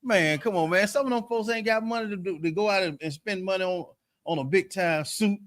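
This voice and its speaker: A man's voice: high voice, brisk, fairly bright tone, dry recording, studio quality. A man, co-hosting a casual chat with a teasing, storytelling manner. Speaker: co-host.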